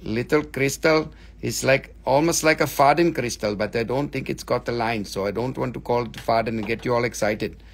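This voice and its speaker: A man's voice: medium pitch, moderate pace, vocal fry. A man in his forties from America, hosting a live crystal sale with playful, rambling banter. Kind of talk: joking live-stream sales chat.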